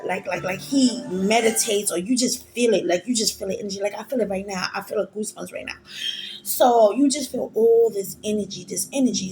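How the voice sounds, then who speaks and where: A young woman telling a personal story, rambling and repeating herself for emphasis, with lots of fillers. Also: a little high. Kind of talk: storytelling to live viewers. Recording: crowd noise in background.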